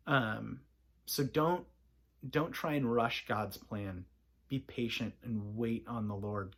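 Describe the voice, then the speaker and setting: A father giving a gentle, reflective bedtime Bible reading and talk to his child. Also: fairly low pitch. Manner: soft-spoken, gentle, reflective.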